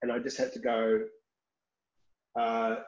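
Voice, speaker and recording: A man's voice: medium pitch, monotone, slow. Male director, blunt and candid, casual swearing, echoey muffled room recording. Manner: frank and upfront, swears casually. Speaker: film director, guest. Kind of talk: candid interview talk. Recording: roomy, slightly dull recording.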